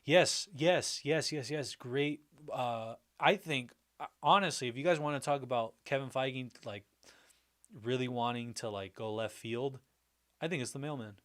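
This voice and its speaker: A man hosts a casual livestream, chatting with his viewers in an easygoing, rambling way. His talk is full of restarts and loose fillers, and he stays upbeat and friendly throughout. His voice sits in an ordinary middle pitch for a man. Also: normal speed, a bit bright. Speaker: livestream host. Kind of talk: casual livestream chat reacting to viewer comments.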